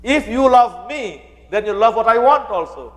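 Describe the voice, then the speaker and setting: A man's voice: extremely high pitch, expressive, moderate pace, long reverb tail, low-quality recording. A male pandit giving a sermon on the Ramayan, speaking to the devotees and quoting scripture. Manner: addresses listeners as devotees, quotes scripture.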